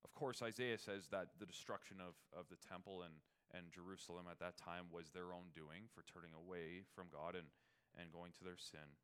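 A man preaching a Christmas sermon, moving from quiet, conversational reflection to loud, ringing proclamation. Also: low voice, fairly even intonation, a little fast, smooth. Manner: swings from hushed reflection to loud, soaring proclamation; conversational asides, fillers and restarts.

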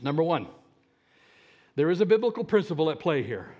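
A middle-aged man preaching, his voice pitched high and swinging widely from line to line. He throws rhetorical questions at the congregation and leans into emphatic, animated phrasing. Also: a little fast, highs cut off. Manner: animated, rhetorical questions, mock-whiny quoting. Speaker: pastor. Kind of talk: sermon.

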